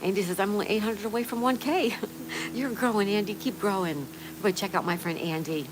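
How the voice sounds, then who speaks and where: A woman's voice: mid-range voice, fast talker, background noise. Chatty woman reading live chat. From Florida. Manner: chatty, reads out viewer names and messages. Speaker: livestream host. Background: rain ambience.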